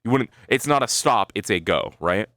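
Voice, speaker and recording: Chatting casually on a live stream, this man thinks out loud, curses without restraint, and ends lines with "right?" as he rambles to his viewers. His low-ish, fairly bright voice is expressive at a normal pace, recorded dry with studio quality.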